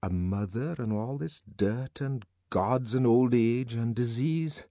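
A man reading an audiobook, voicing an earnest, curious man who speaks in slow, drawn-out phrases. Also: mid-range voice, warm tone, no echo. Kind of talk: audiobook character voice.

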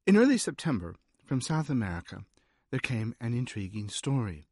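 A man reading a nonfiction history aloud as an audiobook narrator, measured and wry. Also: mid-range voice, sing-song, a little mellow, slightly rough, no echo. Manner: measured, dry storytelling with wry asides.

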